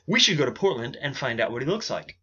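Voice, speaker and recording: A man's voice: mid-range voice, big pitch swings, fast, bright, forceful tone, breathy edge, muffled recording, exaggerated voice. Breezy confident young woman, a man voicing her. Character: breezy young woman who fakes the math.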